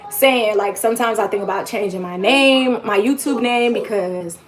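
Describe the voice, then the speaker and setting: A woman's voice: mid-range voice, normal speed. A woman, mother of four, talking casually on her livestream in a rambling, encouraging way full of "like" fillers. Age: adult mother of four. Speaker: YouTube live streamer.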